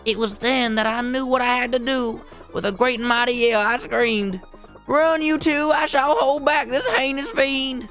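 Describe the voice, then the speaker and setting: A woman's voice: a little high, steady tone, moderate pace, a bit bright, faint music behind, lightly acted. A woman voicing a pompous, theatrical male adventurer who tells grandiose tales in a melodramatic way. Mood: boastful.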